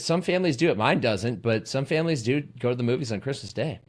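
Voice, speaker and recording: An animated man co-hosting a podcast, his pitch swinging widely as he teases his co-hosts. He laughs often, and his voice sits at a middle pitch. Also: quick pace. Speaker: podcast co-host. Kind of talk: casual chat.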